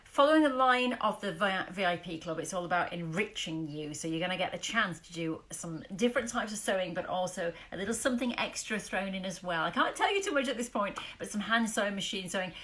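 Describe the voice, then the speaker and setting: A woman hosting a casual live sewing chat from her garden, chatty and upbeat, with sudden high exclamations. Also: expressive, brisk, hardly any pauses, a bit bright. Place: outdoors in a garden.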